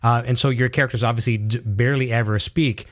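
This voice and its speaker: A male host reads listener questions aloud and keeps the conversation moving. He backs up his guests with steady short affirmations. His voice sits at a middle pitch. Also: fast talker. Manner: supportive, with many affirmations. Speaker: podcast host. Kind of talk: interview, reading fan questions.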